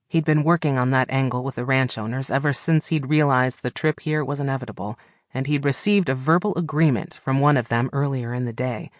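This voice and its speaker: A man narrating a contemporary romance audiobook in a steady, even storytelling manner. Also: medium pitch, fairly quick, no echo, clean studio sound. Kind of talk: scripted narration.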